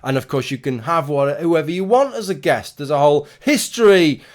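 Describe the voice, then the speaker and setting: A man's voice: fairly high pitch, lively intonation, a little fast. A man in his thirties talking casually to camera in a rambling, opinionated way, with restarts and the odd swear word. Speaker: YouTuber. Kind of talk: casual talking-head commentary.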